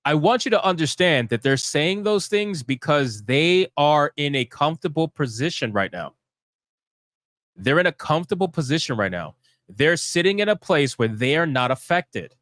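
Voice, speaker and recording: A man's voice: on the high side, sing-song, normal speed, a bit bright, no echo, studio quality. A man hosting a live stream, giving heated, profane commentary in a fired-up, emphatic way.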